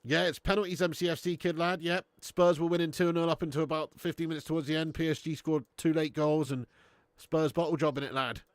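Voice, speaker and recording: A man's voice: a little high, fairly even intonation, fast, no room sound. A man hosting a live football watch-along, reading out viewers' comments, swearing and laughing in laddish banter.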